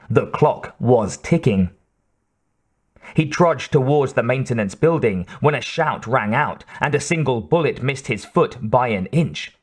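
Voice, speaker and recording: Slow, expressive male audiobook narrator. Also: medium pitch. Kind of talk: scripted narration.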